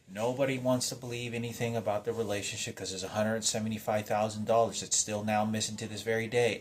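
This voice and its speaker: A man with a fairly low voice tells a personal story in a loose, rambling monologue. He trips over his words, restarts his sentences and swears often, and the emotion stays close to the surface. A faint room ambience sits behind him. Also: slight background noise. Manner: agitated, rambling, heavy swearing.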